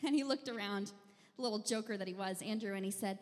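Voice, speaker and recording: A young woman telling a funny personal story on stage in a wry, self-mocking, deadpan way. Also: mid-range voice, fast talker. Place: live venue stage. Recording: long hall reverb.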